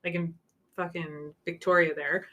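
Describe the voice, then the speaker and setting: A woman's voice: lowish voice, flat delivery, unhurried, sharp tone. A young woman with a Canadian accent, co-hosting a casual podcast chat, talking freely with lots of swearing. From Saskatchewan, Canada. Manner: chatty and swearing, laughing often. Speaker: podcast co-host.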